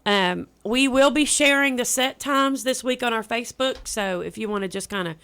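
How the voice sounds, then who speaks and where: A young woman, chatting as a guest on a radio show about an event she is organizing, bubbly and quick to repeat herself. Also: on the high side, fairly bright tone, clear, resonant tone. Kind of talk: casual radio interview.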